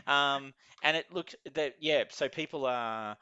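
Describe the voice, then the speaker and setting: A man's voice: medium pitch, unhurried, lo-fi sound, a crowd in the background. A man narrating a tabletop game as game master, rambling with many fillers.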